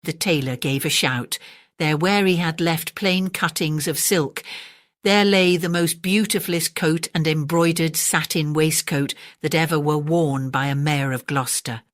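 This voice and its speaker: A woman narrating a classic storybook in a gentle, measured bedtime reading. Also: low-pitched, fairly even intonation, no echo, studio quality.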